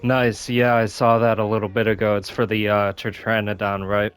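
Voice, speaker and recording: A man chatting casually while gaming, rambling with lots of fillers and restarts, coughing and clearing his throat now and then. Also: on the low side, level tone, normal speed, slight background noise. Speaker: gaming channel host.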